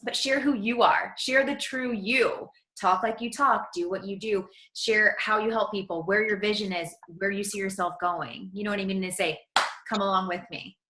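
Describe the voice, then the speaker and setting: A woman's voice: medium pitch, moderate pace, few pauses, reverberant, rough recording. Bubbly woman hosting a coaching call. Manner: gushing, energetic, casual. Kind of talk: upbeat motivational call.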